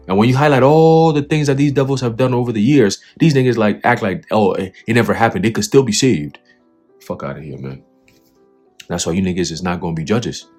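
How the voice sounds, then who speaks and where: A man with a low, husky voice delivers a heated religious commentary. He reads passages aloud and then tears into them, swearing and laughing scornfully between points. Faint music plays underneath. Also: darkish tone. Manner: profane, scornful, preachy, laughs at his own jabs. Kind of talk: fiery spoken commentary reading from an article.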